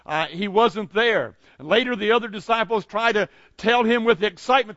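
A male pastor preaching a sermon, emphatic and repetitive, often restarting his sentences and swinging between loud and soft. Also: sits high, moderate pace, hardly any pauses, no room sound, highs cut off.

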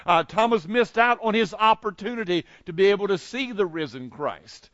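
A male pastor preaching a sermon, emphatic and repetitive, often restarting his sentences and swinging between loud and soft. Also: high-pitched, animated, normal speed, no room sound, dull audio.

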